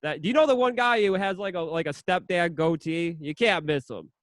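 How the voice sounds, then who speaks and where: A man co-hosting a casual podcast chat, cracking laid-back deadpan jokes and swearing. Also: on the high side, brisk, no echo. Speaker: podcast co-host.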